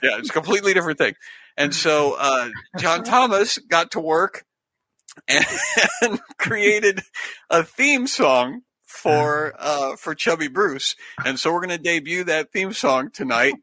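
A man's voice: fairly high pitch, wildly swooping pitch, takes it slowly, bright, forceful tone, no echo, low-quality recording. A man co-hosting a live comedy stream, chatting and laughing in a playful way. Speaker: comedy show co-host. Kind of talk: casual live-stream banter.

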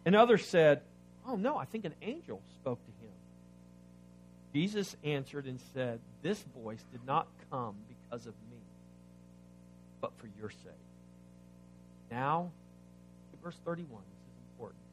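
A man preaching a sermon, reading scripture aloud and explaining it, asking the congregation questions, swinging between loud emphasis and quiet asides. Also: fairly high pitch, animated, measured pace, pauses often, soft background music. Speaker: pastor.

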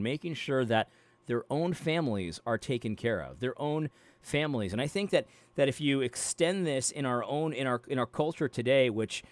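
Brief: a male Christian video commentator, casual and rambling, with a dry close recording and mid pitch. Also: dry recording. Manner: rambling, repeats words, frequent fillers. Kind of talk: Bible reading then casual commentary.

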